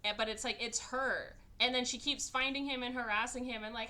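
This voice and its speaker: Bright, animated woman recapping a movie. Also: on the high side, brisk, few pauses. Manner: animated, sarcastic, acts out characters in exaggerated voices. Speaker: podcast host. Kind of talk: casual movie recap chat.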